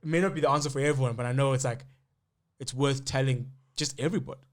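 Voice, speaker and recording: A man's voice: mid-range voice, fairly even intonation, quick pace. A man co-hosting a podcast in casual chat, speaking reflectively and often restarting his sentences. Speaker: podcast co-host.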